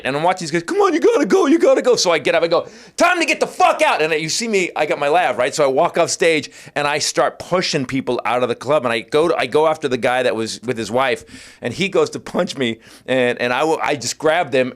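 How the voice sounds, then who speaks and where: A middle-aged man, a comedian guest on a podcast, telling an animated, profane anecdote and acting out voices. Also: a little high, a little fast. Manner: lively, acts out voices in his anecdotes, swears freely.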